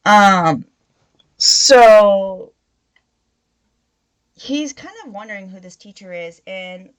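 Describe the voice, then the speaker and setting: A woman's voice: medium pitch, expressive, slow pace, clear, resonant tone, rough recording. A woman hosting a casual book review podcast, retelling the plot in a rambling way with many fillers.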